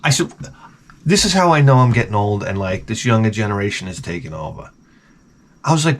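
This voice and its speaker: A man's voice: medium pitch, very animated, normal speed, pauses often, a bit bright, a little hiss or hum. Sarcastic guy in his 40s riffing on his day, voice bouncing up and down a lot. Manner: sarcastic, self-mocking storyteller. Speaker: vlogger. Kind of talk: rambling comedic monologue. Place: outdoors by a backyard shed.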